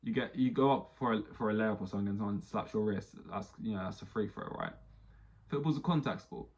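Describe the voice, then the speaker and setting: On his podcast, a man rambles through a casual, profanity-heavy rant full of restarts, clearly exasperated. His voice is fairly low, quick, a little mellow and slightly rough, and the audio sounds dull.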